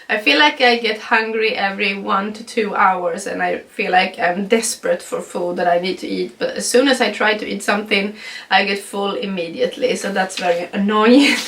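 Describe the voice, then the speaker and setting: A young woman from Sweden talks through her pregnancy update in a casual vlog, her English carrying a Swedish first language. A stuffy cold gives her voice a nasal tone, and she fills pauses with ums and small laughs. She sits a little back from the mic, so her voice sounds slightly distant. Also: mid-range voice, vocal fry, a bit bright. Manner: chatty, frequent ums, laughs between sentences. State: stuffy nose. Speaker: vlogger.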